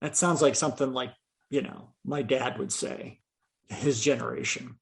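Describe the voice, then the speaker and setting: A man's voice: medium pitch, fairly even intonation, normal speed, vocal fry. A man co-hosting a podcast in casual chat, easygoing and hesitant, with lots of fillers. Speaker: podcast co-host.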